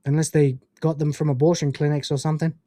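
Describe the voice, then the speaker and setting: A man's voice: a little high, level tone, fast, mellow, a little hiss or hum. A man hosting a casual livestream, ranting in a profane, incredulous way and reading out donations. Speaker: livestream host.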